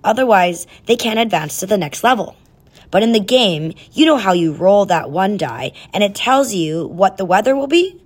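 A woman voicing a bright, clever young girl in a storybook reading. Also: medium pitch, expressive, moderate pace, breathy edge, voice pushed up. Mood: scheming. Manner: bright, chatty.

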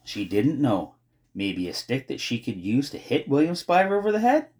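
A man narrating an audiobook in an expressive, measured storytelling manner. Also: medium pitch.

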